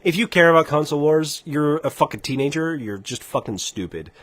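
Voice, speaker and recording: A man's voice: on the high side, lively intonation, brisk, fairly bright tone, no room sound. Man in a heated, profane rant. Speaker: gaming podcast co-host. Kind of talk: casual livestream chat.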